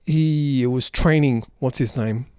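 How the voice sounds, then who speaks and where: A man's voice: medium pitch, slow, a little mellow, clear, resonant tone, dry recording, studio quality. A man giving an unrehearsed film review, rambling and exasperated.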